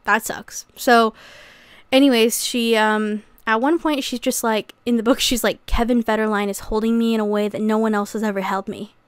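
A woman's voice: a little high, fairly even intonation, moderate pace, clean tone, no room sound. A young woman recapping a memoir in a casual, chatty way, with sarcastic asides and acted-out quotes. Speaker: YouTuber.

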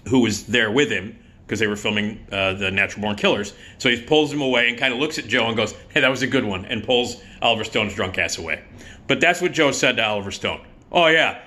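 Man in his fifties, rambling vlog storyteller, forceful bright voice, swears freely. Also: mid-range voice. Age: 50s. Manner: rambling, profane, lots of filler words. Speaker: YouTube host.

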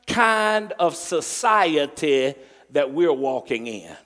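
A male pastor delivers a sermon at an unhurried pace, leaning hard on key words and drawing them out. His voice sits a little high for a man, and a long reverb from the church sanctuary trails behind it. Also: fairly bright tone. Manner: emphatic preaching, drawn-out stressed words, call and response. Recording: long reverb from a large hall.

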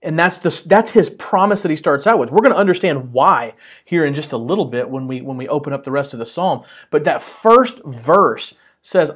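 A male pastor teaching a church Bible study in an earnest, gentle way, with many halting pauses. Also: a little high, animated, slightly rough.

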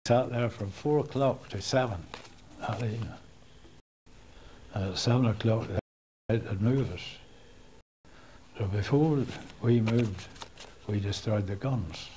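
A Northern Irish man in his eighties, a war veteran recalling events in a halting oral history interview with restarts and soft chuckles. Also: on the low side, slight background noise, rough recording. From Northern Ireland. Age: 80s.

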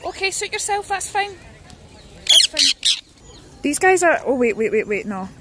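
A young Scottish woman with a high voice chats excitedly to birds and her viewers while she walks through a park. She streams on a handheld phone, so there is clear noise behind her voice outdoors. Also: a little fast. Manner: chatty and excitable, talking to birds and chat. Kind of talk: casual outdoor stream chat.

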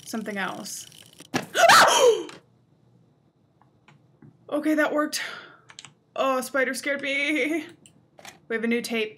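Young woman gamer, chatty, playful, a bit high, noisy mic hiss. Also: fairly bright tone. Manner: chatty, talks to viewers, playful and easily startled. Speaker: gaming youtuber. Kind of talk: casual let's play commentary.

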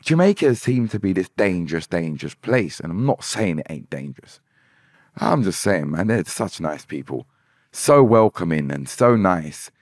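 Relaxed rambling man, lively pitch. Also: moderate pace, no echo, studio quality. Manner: relaxed, rambling, repeats words. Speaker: musician guest. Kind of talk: casual podcast interview.

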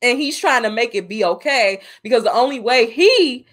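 Woman, fairly high voice, earnest, analytical, steers the chat, podcast co-host. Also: animated, normal speed, fairly bright tone. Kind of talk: casual movie review chat.

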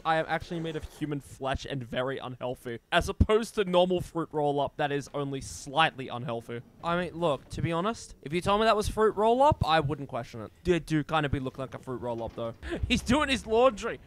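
A young man streaming a game, joking, swearing and shouting excitedly as he plays. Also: a little high, a little fast. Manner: loud, excitable, swears a lot, jokey. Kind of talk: gaming commentary.

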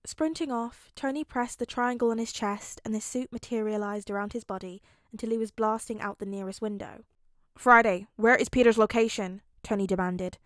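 A woman narrating a fan fiction audiobook with clear, steady storytelling. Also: medium pitch, a little fast, hardly any pauses, no echo, studio quality. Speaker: podfic reader.

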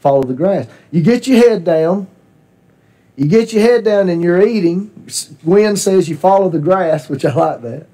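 A man's voice: sits high, expressive, normal speed, warm tone. A man teaching a Bible class in a church classroom, asking questions and repeating his students' answers.

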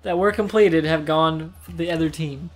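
A man's voice: fairly high pitch, moderate pace. A young man trades crude jokes while calling plays in a video game session. Faint game music sits under his voice. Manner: crude, joking banter. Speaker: let's play commentator. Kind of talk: casual gaming commentary.

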